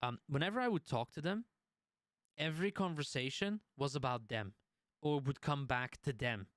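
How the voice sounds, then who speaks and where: A man streams in studio quality with no room sound, chatting casually about his experiences. His mid-range voice is a bit bright, with lively intonation and a moderate pace. He's conversational, restarting often and swearing now and then as he tells a story.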